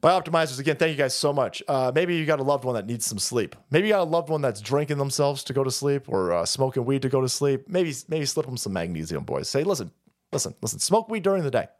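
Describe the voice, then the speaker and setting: A man's voice: medium pitch, expressive, quick pace, few pauses. A man hosting a live stream, ranting in profane, mocking comedic commentary and laughing often.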